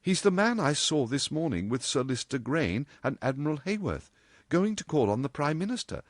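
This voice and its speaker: A man voicing a composed young woman stenographer who speaks in a measured, level way. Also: a little high, sing-song, no echo, clean studio sound, pitched above the performer's own voice.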